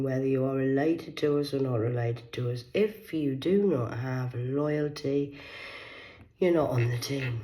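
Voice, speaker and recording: Woman vlogging solo, rambling and foul-mouthed, dropping to whispers then flaring loud. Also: very deep voice, a little hiss or hum, rough recording. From Cornwall, England. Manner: profane, rambling, veers between hushed whispers and loud outbursts. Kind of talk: rambling solo monologue to camera.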